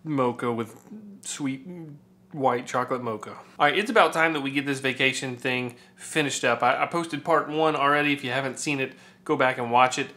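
A man narrating a casual travel vlog, chatty and animated as he retells his mishaps. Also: medium pitch, normal speed. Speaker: vlogger. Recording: music playing clearly underneath.

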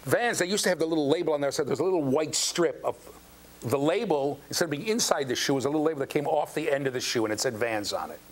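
A man's voice: on the high side, quick pace. An older man lecturing a university class, telling stories and acting out the quotes, often checking in with the students. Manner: animated storyteller, acts out quotes, asks the class questions. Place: lecture hall. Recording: faint background noise and hum.

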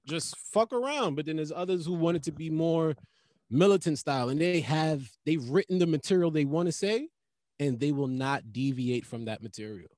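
Comedian guy on a podcast, kinda high voice, swears a lot, dry close mic. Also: no room sound. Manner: loose, profane, animated storytelling. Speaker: stand-up comedian guest. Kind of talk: casual podcast chat.

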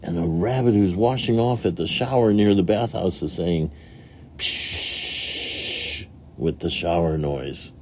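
A man's voice: low voice, moderate pace, few pauses, warm tone, slight background noise. A man reading a picture book aloud to young children, playfully imitating animal and machine sounds and asking the listeners questions. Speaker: read-along narrator.

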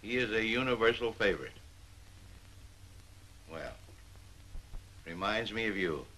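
An actor playing a blunt, folksy older grocer who grumbles about the nobility. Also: male voice, lowish voice, lively intonation, measured pace, sharp tone, a little hiss or hum, rough recording. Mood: grumbling. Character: gruff older male grocer, blunt, distrustful of nobles. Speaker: shopkeeper.

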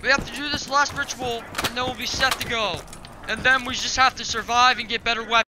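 A teenage boy doing casual gameplay commentary as a gaming YouTuber, excitable and bossy, turning whiny when he loses. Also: very high-pitched, a little fast, background noise. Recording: game music underneath.

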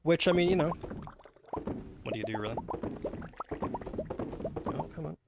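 A man's voice: on the high side, lively intonation, moderate pace, creaky, very noisy. A man with a Canadian accent streaming a game live, rambling and chatting with viewers through lots of fillers and restarts. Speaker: gaming livestreamer.

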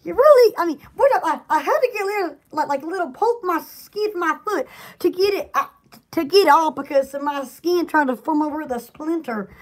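Super high squeaky woman from alabama, rambly and giggly, voice bouncing all over the place. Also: animated, a little fast. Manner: rambling and giggly, with many restarts and exclamations. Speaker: vlogger chatting to viewers. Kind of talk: casual chat.

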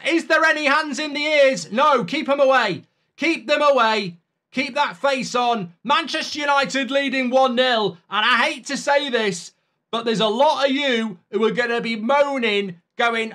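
Male reaction host, high, bright tone, chatty match talk. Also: measured pace. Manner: chatty, opinionated, shouts at goals. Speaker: football fan channel host.

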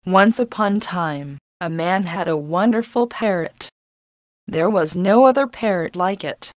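Slow, careful woman teacher reading. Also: lowish voice, dry recording. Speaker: English teacher. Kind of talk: scripted lesson narration.

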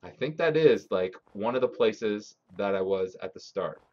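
A man's voice: on the low side, lively intonation, normal speed, darkish tone. A man streaming a game live, talking to his chat and swearing often as he grows frustrated. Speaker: gaming streamer. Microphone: desk mic. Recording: slightly dull lo-fi stream audio.

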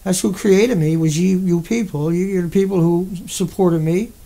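A man with a Newfoundland accent hosts a livestream and rants in a heated, rambling, profane way. His voice sits high for a man and has a gravelly, fry-laden edge. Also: fairly even intonation, normal speed, mellow. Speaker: livestream host. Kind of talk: angry livestream rant.

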